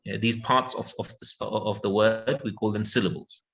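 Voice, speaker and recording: A man's voice: lowish voice, fairly even intonation, normal speed, a bit bright, poor audio. A man teaching an English lesson, patiently repeating words and checking that his student follows.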